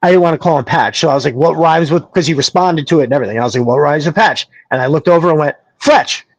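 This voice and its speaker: A man hosting a show, casually telling a long personal story, animated and swearing, acting out what people said. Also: fairly high pitch, rapid-fire, no echo, rough recording. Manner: animated, swearing, acts out quotes. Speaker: podcast host. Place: small studio. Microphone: studio mic.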